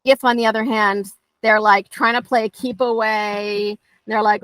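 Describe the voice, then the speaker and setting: A woman's voice: mid-range voice, level tone, normal speed, a bit bright, no room sound. A woman dog trainer teaching conversationally, telling stories and acting out dialogue in playful voices.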